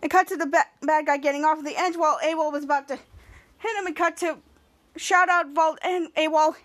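A woman hosting a podcast, retelling a TV episode in a rambling way with many halting restarts, and acting out the characters' lines in animated voices. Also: very high-pitched. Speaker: podcast host. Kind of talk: casual episode recap.

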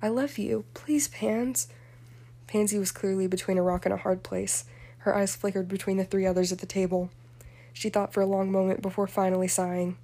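A woman reading a fan fiction story aloud in a steady, even voice. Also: medium pitch, quick pace. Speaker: audiobook reader.

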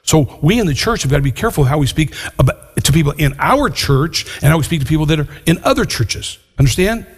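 An older male pastor with a husky voice delivers an earnest sermon and draws out the words he wants to land. His voice carries a long reverb, as if it is filling a large church hall. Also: on the high side, sing-song. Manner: earnest, slows down to stress key words.

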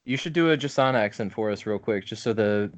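A podcast co-host with a fairly low voice talks a little fast in a casual chat. He teases his friends and fills his speech with lots of fillers.

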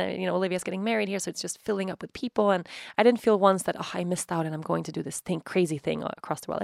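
Chatty woman with a gravelly edge. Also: fairly low pitch, no room sound, clean studio sound. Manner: chatty, animated retelling with quoted inner thoughts. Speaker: podcast host. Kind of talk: casual personal storytelling.

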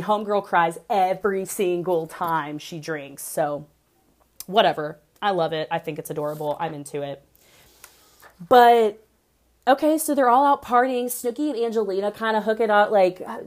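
A young woman giving a casual, gossipy reality TV recap, animated and full of "like". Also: mid-range voice, a little slow. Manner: gossipy, animated, heavy use of "like".

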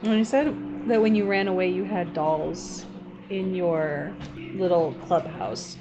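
A woman's voice: on the low side, measured pace, noisy background. Curious woman asking family questions. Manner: curious, lively reactions. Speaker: interviewer, family member. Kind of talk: oral history interview.

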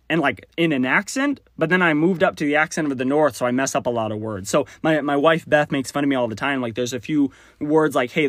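A man's voice: fairly high pitch, fairly bright tone, dry recording, clean studio sound. Rambling friendly man hosting a podcast. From Texas. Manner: rambling, friendly, self-deprecating with frequent laughs. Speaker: podcast host. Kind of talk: casual solo podcast monologue.

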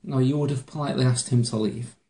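Gravelly man cracking dry jokes. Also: medium pitch, fairly even intonation, fast, dark tone. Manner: dry, teasing wisecracks. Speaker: podcast co-host. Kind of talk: casual chat. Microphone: studio microphone.

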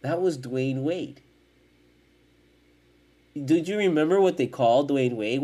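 A man hosting a sports podcast, ranting in casual, profane, animated talk. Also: mid-range voice, takes it slowly, pauses often. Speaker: podcast host.

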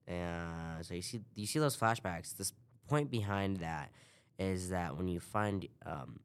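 A man's voice: deep voice, a little slow, smooth. A man hosting a podcast, casually recapping a video game in a rambling way and swearing offhand. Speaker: podcast host.

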